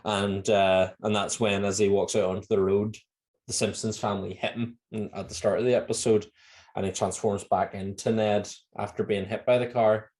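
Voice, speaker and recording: A Northern Irish man co-hosting a podcast in casual chat, laughing often and acting out lines in high voices. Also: flat delivery, normal speed, darkish tone. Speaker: podcast co-host.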